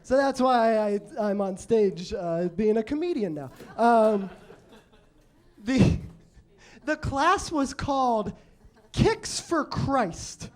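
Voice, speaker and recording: A man telling stories in a stand-up set on a comedy club stage, halting and self-deprecating, with many restarts. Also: very high-pitched, sing-song, a little mellow. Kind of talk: stand-up storytelling.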